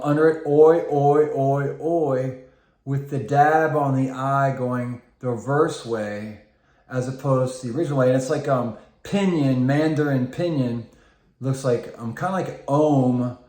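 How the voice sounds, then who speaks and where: Male vlogger, mid-pitched, rambling and tangent-prone, echoey room. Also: a little mellow. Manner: meandering, full of filler ums and tangents. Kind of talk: rambling monologue to camera.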